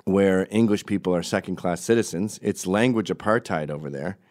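A middle-aged man from Canada telling an animated story, jumping into high put-on voices and laughing mid-sentence. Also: fairly quick. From Canada, raised in Quebec. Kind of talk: storytelling monologue.

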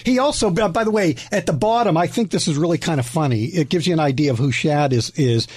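A man's voice: on the high side, fast talker, darkish tone, husky, no room sound. A man co-hosting a radio show, eagerly explaining an item, agreeing readily and stumbling over his words. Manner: eager, agreeable, storytelling with hesitations. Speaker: radio co-host. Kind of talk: playful radio banter.

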